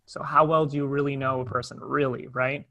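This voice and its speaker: A young adult man tells a personal story, candid and conversational, retelling it with animation. His voice sits at medium pitch and moves a little fast.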